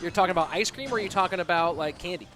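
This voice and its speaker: A man's voice: high-pitched, rapid-fire. A young man casting a live esports match, joking around and answering viewer questions between plays. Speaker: esports caster. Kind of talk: live game commentary and reading chat.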